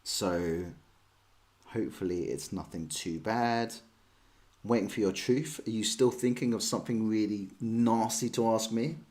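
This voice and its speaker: An unhurried English man with a low, darkish voice fields viewer questions during a chess stream. The talk is casual and meandering, and he's quick to put himself down.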